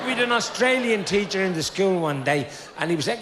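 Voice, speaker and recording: A man with a Dublin accent doing live stand-up comedy, telling broad, animated stories with pauses for punchlines. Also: sits high, echoey room, slight background noise.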